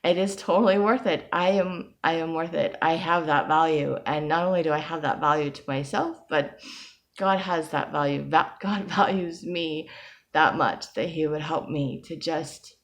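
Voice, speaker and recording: A woman's voice: deep voice, normal speed. A woman recounting a personal experience in a casual video diary, rambling with lots of fillers and quoting her own thoughts. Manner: rambling, casual storytelling with fillers and quoted self-talk. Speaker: vlogger.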